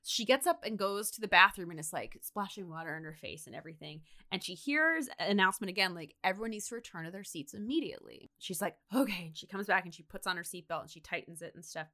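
A woman's voice: lowish voice, expressive, fast, hardly any pauses, pushed and bright. A woman co-hosting a podcast, casually retelling a story and acting out the quotes with lots of "like". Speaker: podcast co-host.

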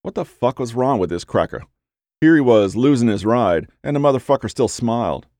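A man narrating gritty crime fiction as an audiobook in a steady storytelling manner. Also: medium pitch, moderate pace, no room sound, studio quality.

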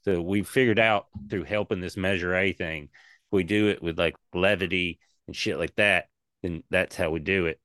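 A man's voice: deep voice, normal speed, no room sound, clean studio sound. A man co-hosting a podcast, rambling and swearing in casual chat about comedy shows. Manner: rambling, animated, swears a lot.

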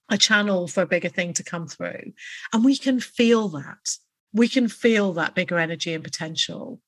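A woman hosting her own podcast, speaking alone in an unhurried, earnest and reflective way. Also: mid-range voice, fairly bright tone. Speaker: podcast host. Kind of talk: solo motivational podcast talk.

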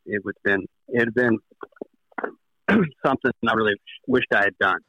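A man's voice: on the low side, normal speed, bright, forceful tone, no echo, dull audio. A man, a golfer, recalling a memory in a plainspoken, reflective way during a podcast interview. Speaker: guest golfer.

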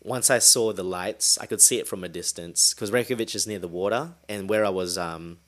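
A man hosting a solo podcast, telling a story in a casual, animated way and swearing freely. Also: fairly low pitch, brisk. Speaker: podcast host.

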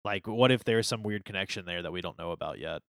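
A man co-hosting a podcast in casual chat, enthusiastic and quick to laugh. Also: sits low, fairly bright tone, dry recording. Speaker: podcast co-host discussing anime.

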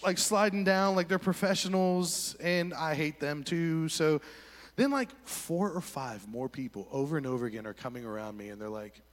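Man, pastor, animated storytelling, slightly high voice, long hall reverb. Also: normal speed. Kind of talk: sermon story.

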